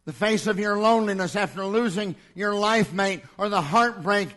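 A man preaching a sermon, his voice sitting high for a man. He builds each line in a repeating cadence and swings from loud declarations to quiet, hushed passages. He speaks in a church. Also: normal speed.

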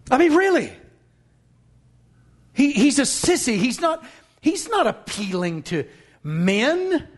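Brief: high-pitched male pastor, emphatic and scornful sermon delivery, bursts into shouts.

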